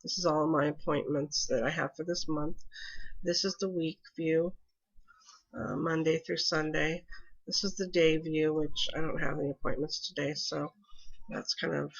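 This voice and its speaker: A mom with a deep, gravelly, husky voice explains her calendar setup in a casual screen-recorded tutorial, speaking at a normal speed in a steady tone. She sounds congested and hesitant, with many ums and restarts, and the audio is lo-fi.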